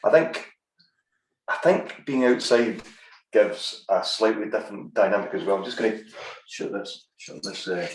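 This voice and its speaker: A Scottish man in his fifties, a podcast guest talking in a relaxed, conversational way over a video call. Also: lowish voice, normal speed, creaky, roomy sound, a little hiss or hum, rough recording. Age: 50s. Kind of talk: casual video-call interview. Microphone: video call from a spare room.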